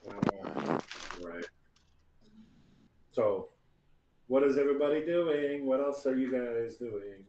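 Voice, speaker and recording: A man running a tabletop role-playing game as dungeon master, talking in a relaxed, accommodating way with hesitant fillers. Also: medium pitch, slow pace, pauses often, muffled recording, slight background noise. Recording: roomy echo.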